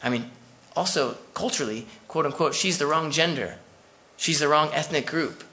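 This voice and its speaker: A man's voice: a little high, normal speed, bright, forceful tone. A man preaching a sermon as pastor, conversational and full of asides to the congregation.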